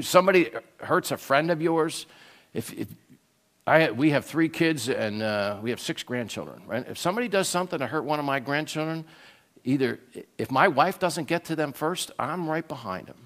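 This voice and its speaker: An older man preaching a sermon in an animated storytelling way, often checking in with "right?". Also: fairly high pitch. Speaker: pastor.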